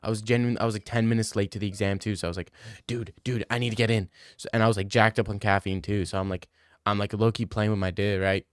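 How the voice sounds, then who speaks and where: A man's voice: lowish voice, flat delivery, fast talker, clear, resonant tone, dry recording, studio quality. Young man rambling casually on stream. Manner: loose, rambling and profane.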